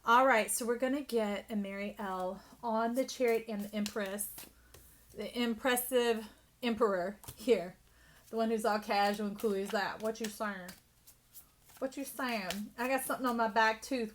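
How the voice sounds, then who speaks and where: A woman with a somewhat high voice leads an intuitive tarot reading. She speaks effusively and emphatically, addressing the listener directly. Now and then she drops into a hushed whisper. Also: normal speed. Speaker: tarot reader.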